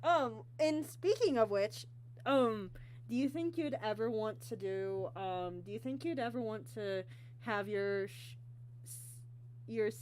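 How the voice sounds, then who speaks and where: Halting slow-talking woman host. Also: on the high side, darkish tone, slight background noise. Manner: halting, many ums and restarts. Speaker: interview host. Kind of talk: casual online interview.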